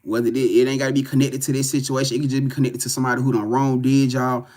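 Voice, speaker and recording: A man giving a live spiritual reading to viewers, talking in a profane, repetitive, animated way. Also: mid-range voice, rapid-fire. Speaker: tarot reader.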